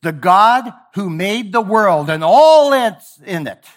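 A man preaching a sermon, emphatic and sometimes sarcastic, swinging from booming lines to hushed ones. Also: expressive, slow. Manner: sarcastic mock praise.

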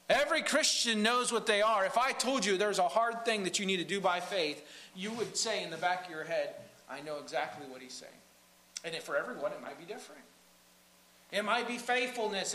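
A man's voice: high voice, sharp tone, roomy sound, poor audio. A man preaching a sermon as pastor of a church, with an emphatic delivery that rises and falls.

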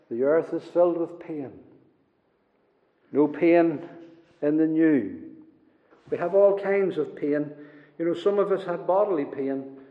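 A man preaching a sermon with emphatic, rising and falling delivery, repeating key words for force. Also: on the high side. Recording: echoey hall, dull lo-fi sound.

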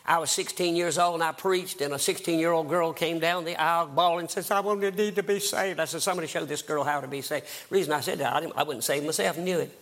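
An older evangelist from the American South preaches a fervent sermon, recounting his own conversion and building to emphatic outbursts. His voice is a little high and fairly bright, with a steady tone. He talks fast and pauses little.

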